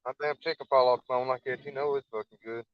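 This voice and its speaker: A man's voice: medium pitch, fairly even intonation, quick pace, muffled recording. A man telling rambling, profane stories in casual chat.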